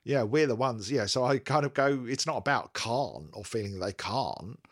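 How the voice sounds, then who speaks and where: A man's voice: mid-range voice, lively intonation, moderate pace. A man co-hosting a podcast in casual chat, joking and teasing, often laughing. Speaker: podcast co-host.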